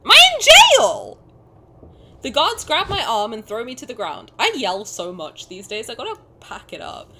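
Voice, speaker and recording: A young woman streamer giving casual, expressive gameplay commentary and swearing and joking as she plays. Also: on the high side, moderate pace, hardly any pauses, very noisy.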